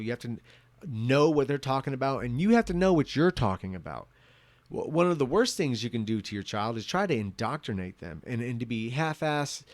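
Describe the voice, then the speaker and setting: A man's voice: medium pitch, no echo. A man in his thirties giving a drunken, rambling rant as a vlogger, swearing and restarting his sentences often. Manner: profane, rambling, many restarts.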